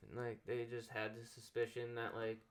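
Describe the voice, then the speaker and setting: A young man hosting a relaxed chat show, winding through a story and slipping into the voices of the people in it. He leans on fillers and restarts as he talks. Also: mid-range voice, moderate pace. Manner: rambling anecdote full of "like" fillers, acting out quoted dialogue. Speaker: podcast host.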